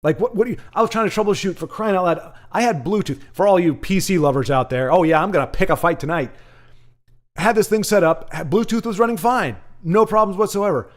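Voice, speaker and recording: A man with a slightly high voice hosts a live card-game stream. He rambles through a rant about his gadgets, then drifts into loose commentary on the match and chats with his viewers. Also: a little fast. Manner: rambling, ranting, animated asides to chat. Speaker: stream host and caster. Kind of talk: casual livestream chat and game commentary.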